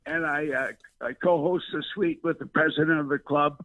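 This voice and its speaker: A man's voice: fairly high pitch, fairly even intonation, moderate pace, fairly bright tone. An older man, a veteran broadcaster reminiscing in a rambling storytelling way, full of fillers and restarts, heard over the phone. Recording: tinny dry phone line.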